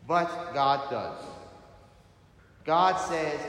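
A man's voice: medium pitch, lively intonation, fairly bright tone. Man preaching in a big echoey church. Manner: slow, emphatic preaching with strong rises on key words. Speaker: priest. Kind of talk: sermon.

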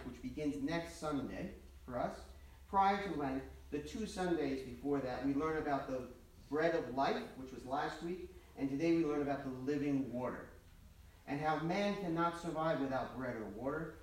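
A man's voice: on the high side, normal speed. A male priest preaching a sermon, telling stories in a conversational way with casual asides. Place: church. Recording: echoey church from far off.

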